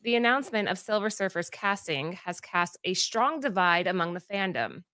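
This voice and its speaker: A woman's voice: mid-range voice, expressive, moderate pace, sharp tone, dry recording, studio quality. A woman co-hosting a comic-book podcast, reading a prepared segment from notes and tripping over names. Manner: reads steadily from notes, stumbles on names. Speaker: podcast co-host.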